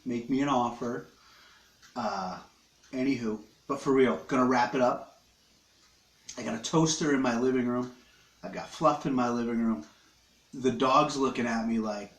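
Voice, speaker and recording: A man's voice: medium pitch, normal speed, long pauses, echoey room. Rambling joking man eating on a live stream. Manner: joking, crude, eating while he talks. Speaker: livestream host. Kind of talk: rambling casual live chat. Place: his living room at home.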